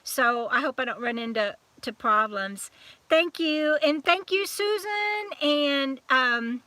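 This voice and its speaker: A woman's voice: high-pitched, animated, slow, bright, forceful tone, no room sound. A woman with a Southern US accent hosting a live-stream chat, talking in a chatty, scattered way as she greets viewers one by one. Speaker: YouTube channel host.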